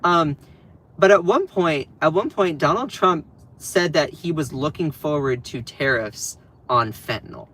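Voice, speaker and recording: A man's voice: on the high side, a little slow, a little hiss or hum. A man hosting a political livestream, chatting casually and sarcastically with his viewers and answering the chat. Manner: sarcastic, animated, talks back to chat.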